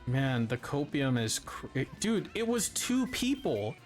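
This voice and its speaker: A man's voice: medium pitch, very animated, measured pace, faint music behind. A man giving sarcastic, mocking commentary on a stream, swearing often and filling his talk with "like.". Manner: sarcastic, swears a lot, many fillers.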